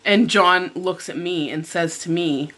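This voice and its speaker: Middle-aged woman, storytime vlogger, lowish pitch, sharp tone, animated. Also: measured pace. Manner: animated retelling, acting out her own quoted lines. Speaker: mukbang vlogger. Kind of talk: storytime chat over breakfast.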